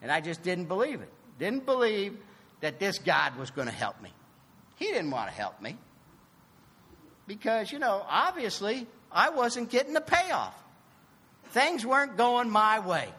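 A man giving a personal recovery testimony, animated and emphatic, acting out both sides of a conversation. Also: high voice, measured pace, breathy edge, long reverb tail. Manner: emphatic, swings from loud to soft. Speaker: recovery meeting speaker.

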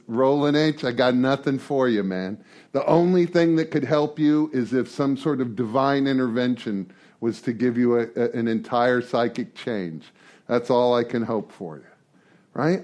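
Man, talk to a recovery group, somewhat high voice, casual, jokey, stumbles over words. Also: darkish tone. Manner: joking, conversational, repeats words as he searches. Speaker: speaker leading a twelve-traditions study series.

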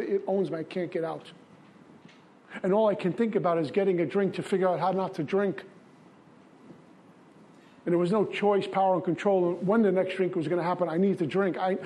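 A man's voice: sits high, fairly quick, dark tone. A man from Brooklyn, giving an earnest, confessional recovery testimony in a repetitive style. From Brooklyn, New York. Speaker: recovery speaker.

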